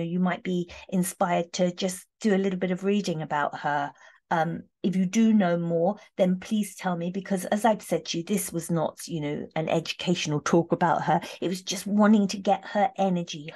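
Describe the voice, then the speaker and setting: A woman chatting warmly through a tarot reading, heartfelt, with many fillers and restarts. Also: lowish voice. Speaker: tarot reader. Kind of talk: casual tarot reading talk.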